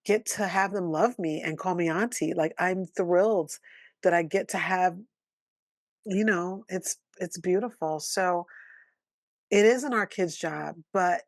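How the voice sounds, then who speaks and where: Lively woman co-host, teasing and encouraging. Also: on the low side, unhurried, no echo, clean studio sound. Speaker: podcast co-host. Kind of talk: casual chat.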